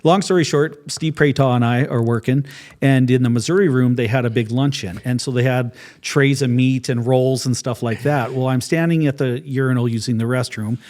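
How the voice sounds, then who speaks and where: A man in his forties, talking at a middle pitch, spins funny stories from his past as a podcast guest. He keeps laughing as he tells them, in a loose, casual way. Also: normal speed. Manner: animated storyteller who laughs through his stories. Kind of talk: casual storytelling chat.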